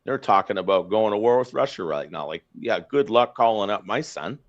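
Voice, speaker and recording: Deep-voiced ranting Canadian man. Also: animated, a little fast. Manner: blunt, ranting, many fillers and restarts. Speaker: podcast host. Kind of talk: casual political chat. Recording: slightly dull lo-fi sound.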